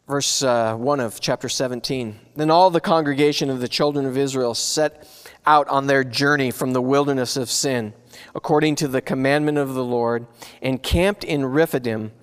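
A man's voice: medium pitch, moderate pace, clear, resonant tone, long reverb tail. A man preaching a conversational sermon, asking his listeners rhetorical questions. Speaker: pastor.

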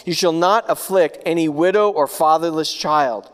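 Earnest pastor in a reverberant hall. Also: male voice, a little high, normal speed, smooth. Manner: conversational, earnest, repeats himself, swings between loud and hushed. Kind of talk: sermon.

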